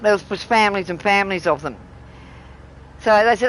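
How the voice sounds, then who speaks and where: A woman's voice: medium pitch, fairly quick, rough recording. A middle-aged woman with a broad Australian accent chats loosely with her live-stream viewers. She rambles from story to story and keeps breaking into laughter. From Tasmania, Australia. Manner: chatty, rambling, laughs often. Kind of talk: casual live-stream chat.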